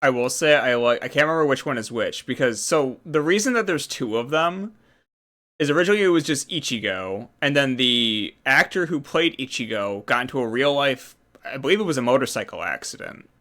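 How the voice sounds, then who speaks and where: Bright-voiced man rambling casually. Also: medium pitch, expressive, brisk. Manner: rambling, explains trivia. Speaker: host. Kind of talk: casual chat.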